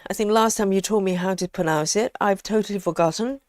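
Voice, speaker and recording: A woman hosting a casual live stream, chatting in a relaxed way and reading out viewer comments with frequent ums. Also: medium pitch, a little fast, no room sound, clean studio sound.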